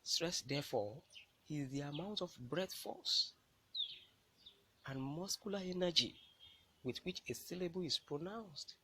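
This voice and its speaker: A man's voice: a little high, lively intonation, sharp tone, slight background noise, low-quality recording. Man teaching a careful lesson. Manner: measured, explanatory, stresses key words. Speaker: English language teacher. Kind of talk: classroom lecture.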